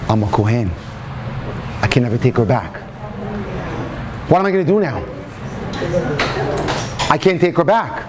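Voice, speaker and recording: A man's voice: mid-range voice, very animated, measured pace, pauses often, crowd noise. A man voicing a desperate middle-aged husband who pleads emotionally. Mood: despairing.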